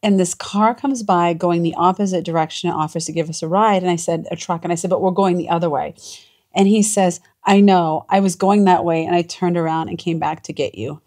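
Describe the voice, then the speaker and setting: A woman's voice: fairly low pitch, steady tone, fairly quick, a little mellow. A woman vlogging from a small cabin, chatting in a gushing, emotional way. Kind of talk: casual chat.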